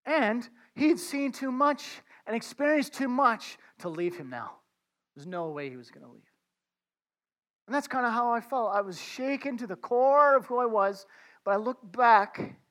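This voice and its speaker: A man's voice: high voice, expressive, moderate pace, fairly bright tone. A man preaching a conversational sermon, talking informally to his listeners as friends and often restarting his words.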